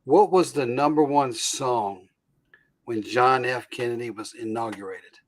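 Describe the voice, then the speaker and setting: A man hosting an interview, responding calmly and reflectively with frequent affirming murmurs. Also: mid-range voice, a little slow. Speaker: host.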